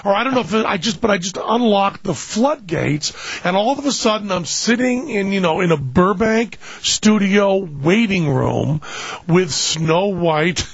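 A man's voice: sits high, expressive, unhurried, creaky, husky, no echo, dull audio. An older man rambling through a funny anecdote in casual chat, often laughing as he talks. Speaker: guest storyteller.

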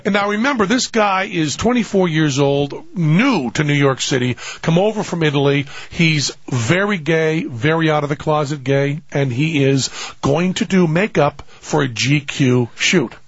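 Man, gravelly and fairly high, animated comic storyteller, self-mocking; dry, dull recording. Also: normal speed, few pauses, dry recording. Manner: animated, laughing, self-mocking, with big pitch jumps. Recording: dull, dry, slightly muffled sound.

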